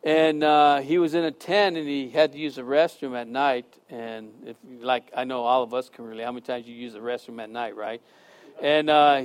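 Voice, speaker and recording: A man's voice: mid-range voice, clean tone. A man preaching a sermon, telling jokes and stories and asking the congregation questions. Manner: lively storytelling, jokes, asks the congregation questions. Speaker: pastor.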